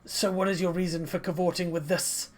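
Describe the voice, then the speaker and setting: A woman's voice: medium pitch, sing-song, takes it slowly, husky, soft background music, heavily acted. A woman voicing a haughty noblewoman who speaks with thinly veiled contempt. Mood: contemptuous.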